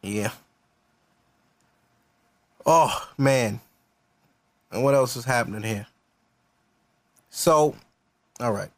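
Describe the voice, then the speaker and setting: A man hosting his podcast in loose, slangy, profane chat, halting now and then with fillers. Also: mid-range voice, no echo. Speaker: podcast host.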